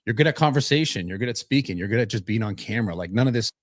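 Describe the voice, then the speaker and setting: Fast-talking man with dry, close sound. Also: lowish voice, expressive, no echo. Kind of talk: casual commentary in a played clip.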